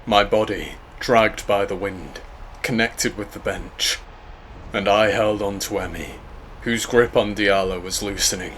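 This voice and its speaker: A man narrates a scripted horror story in a grave, measured voice. He takes his time with every line, going very slowly, and his voice sits fairly low. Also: fairly even intonation, fairly bright tone, a little hiss or hum.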